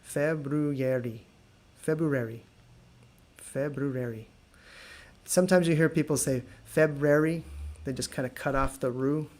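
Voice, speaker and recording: An American man teaching an online English lesson, repeating words slowly and joking with viewers. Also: on the high side, fairly even intonation. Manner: slow careful repetition of words, friendly and joking.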